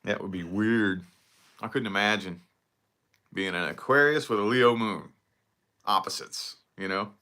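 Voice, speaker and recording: A man's voice: fairly low pitch, measured pace, long pauses, pushed and bright. A man talking casually to camera in a solo vlog, rambling and swearing freely as he picks apart his own habits. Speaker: vlogger.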